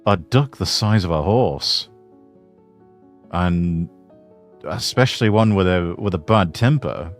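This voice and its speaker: A man's voice: sits low, lively intonation, takes it slowly, pauses often. A male streamer chatting casually and thinking aloud in a hesitant, musing way, talking to his chat. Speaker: streamer reacting to a video. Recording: faint background music.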